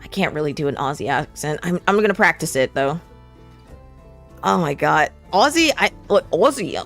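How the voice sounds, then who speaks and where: A woman's voice: low voice, lively intonation, normal speed, fairly bright tone, faint music behind. A woman streaming a narrative game with casual, chatty, self-deprecating commentary. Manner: chatty and self-deprecating, full of fillers and giggles.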